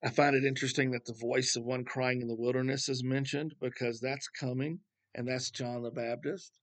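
A man of middle pitch teaching from scripture in a loose, chatty way. He wanders into asides and throws out rhetorical questions as he talks. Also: little pitch movement, fairly quick. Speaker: Bible teacher. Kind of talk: casual Bible teaching.

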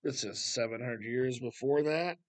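A man's voice: mid-range voice, normal speed. Man teaching scripture in a casual, rambling way. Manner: conversational, rambling, asides and rhetorical questions. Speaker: Bible teacher.

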